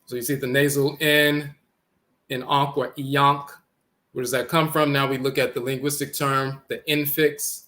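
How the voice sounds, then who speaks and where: Male lecturer, bright and forceful tone, slow and methodical, repeats key words. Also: mid-range voice, level tone. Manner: repeats words slowly, spelling out sounds. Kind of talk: explanatory lecture.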